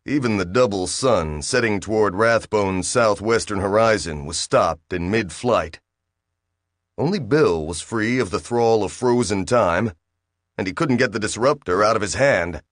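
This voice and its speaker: A man narrating an audiobook in a measured storytelling manner. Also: on the low side, no room sound, clean studio sound. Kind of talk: scripted narration.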